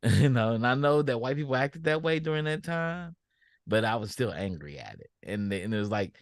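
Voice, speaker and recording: Guy cohosting a podcast, blunt and expressive, voice goes up and down a lot, dry close mic. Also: medium pitch, normal speed, dry recording. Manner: blunt, expressive, swears casually. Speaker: podcast co-host. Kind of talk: casual chat.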